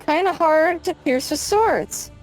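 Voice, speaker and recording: A young woman with a high voice chats through her turn in a tabletop game, playful and a little teasing. Faint music runs behind her. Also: lively intonation, takes it slowly. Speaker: player. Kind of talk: casual chat while playing.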